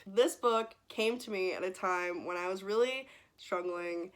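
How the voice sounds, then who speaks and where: A young woman in her twenties talks straight to her viewers about books she loves, gushing, laughing and on the edge of tears. Her voice sits at a middle pitch, and her words tumble out in casual, emotional bursts. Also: unhurried, fairly bright tone. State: teary, close to crying. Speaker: book vlogger. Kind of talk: casual vlog chat.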